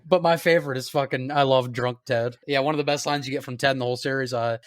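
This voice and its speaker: A man's voice: medium pitch, steady tone, fast talker, no echo, studio quality. A man in his thirties co-hosting a podcast in casual chat, laughing often and quoting sitcom lines in funny voices. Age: 30s. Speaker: podcast co-host.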